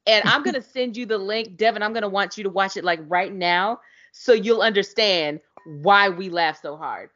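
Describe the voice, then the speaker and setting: A woman co-hosting a podcast in casual chat, excitable and slangy, laughing often. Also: mid-range voice, moderate pace. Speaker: podcast co-host. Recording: dull lo-fi sound.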